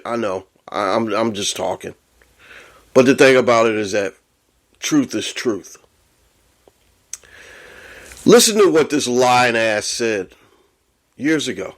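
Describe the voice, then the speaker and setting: A man's voice: mid-range voice, expressive, measured pace. A man hosting a sports podcast, ranting angrily and swearing a lot as he gets worked up. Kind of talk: profane sports rant.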